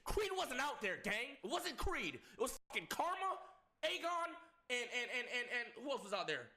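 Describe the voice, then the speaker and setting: Animated young man telling a wild story. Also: moderate pace. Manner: swings between low flat recounting and loud laughing outbursts. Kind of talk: animated storytelling with heavy swearing.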